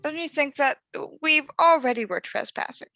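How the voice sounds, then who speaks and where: A woman's voice: high-pitched, moderate pace, sharp tone, no echo, soft background music. A woman talking in character in a tabletop game, hesitant and losing her train of thought. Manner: hesitant, loses her thread. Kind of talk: in-character tabletop role-play.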